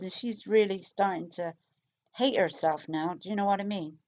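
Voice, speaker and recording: A woman's voice: medium pitch, normal speed, darkish tone, lo-fi sound. A woman giving casual recorded commentary on a true crime case, chatty and repetitive, speculating aloud with asides.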